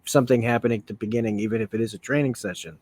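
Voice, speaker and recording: A man's voice: on the low side, steady tone, rapid-fire, darkish tone, dry recording. A man chatting through a comic book review in a rambling, casual way. He corrects himself often and laughs easily. The recording is dry and close.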